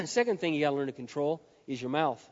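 A man preaching a sermon from the pulpit, his voice sitting a little on the high side. He swings from near-whispers to ringing shouts. The sound is dull and muffled, and it carries a long echo through a big hall. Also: expressive, brisk. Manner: emphatic preaching, dropping to hushed lines then building to shouts. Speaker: pastor. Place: large hall with a live audience.

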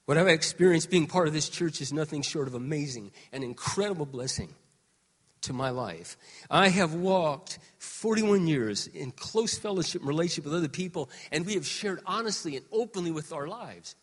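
A man in his sixties preaching a sermon as pastor, moving between quiet, confiding talk and loud, shouted exhortation. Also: a little high, expressive, normal speed, long reverb tail. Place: church sanctuary.

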